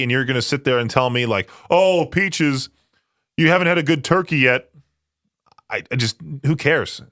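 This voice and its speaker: A man's voice: medium pitch, sharp tone, no room sound, studio quality. A young man from Idaho hosting a rock radio show, chatting casually and rambling, often laughing. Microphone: studio microphone.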